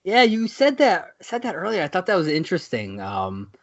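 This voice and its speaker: A man's voice: high-pitched, normal speed. Rambling laid-back man, lo-fi sound. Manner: relaxed, rambling, many fillers. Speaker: podcast co-host. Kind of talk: casual wrestling chat. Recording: dull lo-fi audio.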